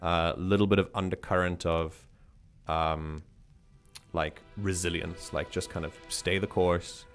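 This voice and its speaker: Brief: low-pitched male game master, loose and chatty, faint music underneath. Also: flat delivery, measured pace. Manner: rambling, frequent restarts, chuckling. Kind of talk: narrating a tabletop game.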